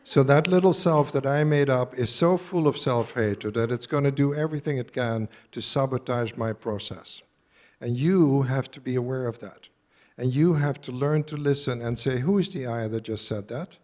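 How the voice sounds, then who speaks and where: A man's voice: medium pitch, moderate pace, a little mellow. A man in his seventies giving a live talk to an audience, earnest and direct, quizzing his listeners. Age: 70s. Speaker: workshop speaker.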